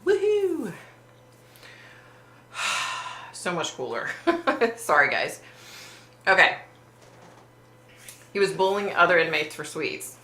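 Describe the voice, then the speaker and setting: A woman's voice: low-pitched, lively intonation, measured pace, pauses often, pushed and bright, a little hiss or hum. A woman hosting a live stream, chatting casually, reading viewer comments and swearing bluntly with a giggle. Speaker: livestream host. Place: warm room under bright lights. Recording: roomy echo.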